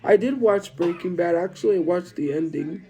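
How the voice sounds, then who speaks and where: A livestreamer in casual chat, talking in a slow, rambling way, voice still deepened from a recent illness. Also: warm tone, poor audio. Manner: slow, rambling rant that drifts into chat replies. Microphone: streaming setup.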